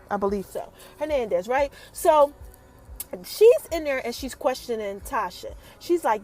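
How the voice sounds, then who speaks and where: A woman hosts her own podcast, recapping a TV episode in a relaxed, chatty way. Her voice sits high and swings up and down a lot as she tells the story. She keeps turning to speak straight to her listeners. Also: normal speed, faint music behind. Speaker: podcast host.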